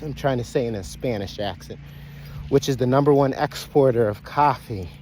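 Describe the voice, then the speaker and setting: A man's voice: medium pitch, normal speed, a little mellow. A man holds forth in a loose, preachy monologue, circling back on his own phrases and often breaking off mid-thought. His voice sits in an ordinary middle register, and he keeps addressing listeners as brothers and sisters. A faint hiss runs under the recording. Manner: rambling, repeats phrases, self-interrupts. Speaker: online speaker addressing followers.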